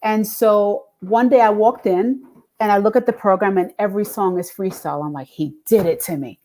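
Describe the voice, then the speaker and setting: Middle-aged woman guest, lively storyteller, mid-range voice, plays out quoted lines. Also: mid-range voice, moderate pace. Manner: animated, acts out quoted voices with laughs. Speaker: guest, singer and radio DJ. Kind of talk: casual interview storytelling.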